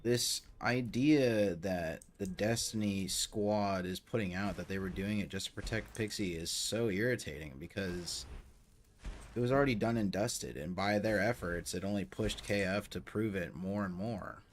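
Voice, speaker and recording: A man's voice: on the low side, normal speed, slight background noise. A man giving blunt, opinionated commentary, with some hesitant fillers. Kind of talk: casual commentary.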